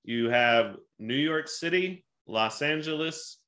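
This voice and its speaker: A man's voice: a little high, lively intonation, slow, pushed and bright. A man in his thirties co-hosting a podcast, reading out trivia questions in a casual, joking way and swearing freely. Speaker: podcast co-host running a trivia game. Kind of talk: casual chat.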